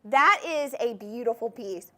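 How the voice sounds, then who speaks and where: Enthusiastic woman shopping host, bright higher voice with a wildly lively pitch, live TV sales pitch. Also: measured pace. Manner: gushing, enthusiastic, talks straight to viewers. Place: TV studio.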